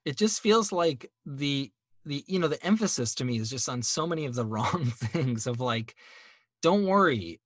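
A man's voice: mid-range voice, expressive, moderate pace, soft background music. A man co-hosting a casual podcast chat, joking and laughing often.

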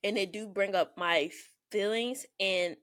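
Fast-talking Southern woman, dry close sound. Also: medium pitch, fairly bright tone, dry recording. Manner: fast-talking, words jumbling together. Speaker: podcast co-host. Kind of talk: casual chat.

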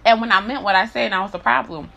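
A woman talks at a quick pace in a gravelly, bright, forceful mid-range voice. Her candid monologue is blunt and laced with swearing, repetitive, and builds into heated rants.

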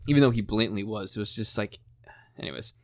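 Low-voiced man telling a story. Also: fast talker, no echo, studio quality. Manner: animated, acts out quotes, lots of "like" and swearing. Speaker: streamer telling a story on a podcast. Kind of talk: casual storytelling chat.

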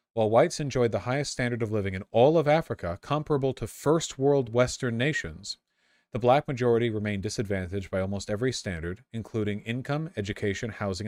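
A man's voice: on the low side, dry recording. A man reading a history text aloud and breaking off into casual, sarcastic asides, often stumbling and repeating words.

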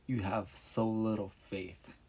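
A man voicing a calm, commanding adult male teacher in a storybook reading, unhurried and gentle. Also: fairly low pitch, slightly rough. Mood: gentle reproach.

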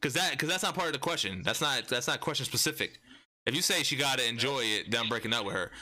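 A young man co-hosts a casual podcast with a very bright, forward voice. He talks bluntly, swears freely and hammers his points by saying them twice. His pitch sits in an ordinary middle range. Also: expressive, fast talker. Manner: blunt, swearing, emphatic, repeats himself. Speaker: podcast co-host. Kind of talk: casual profane banter.

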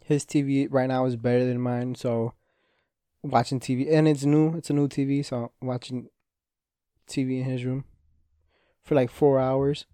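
A man's voice: medium pitch, fairly even intonation, normal speed, pauses often, mellow, clear, resonant tone, dry recording, studio quality. A young man hosting a solo podcast, rambling and swearing freely, often cutting himself off mid-thought. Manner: rambling, frequent swearing, self-interrupting. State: injured hand, restless. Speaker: podcast host. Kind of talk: casual solo podcast monologue.

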